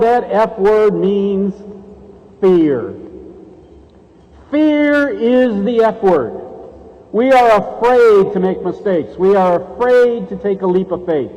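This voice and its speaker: A man's voice: very high voice, a little mellow. A man giving a motivational keynote speech and joking playfully with the audience in a large conference hall. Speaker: keynote speaker. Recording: reverberant hall.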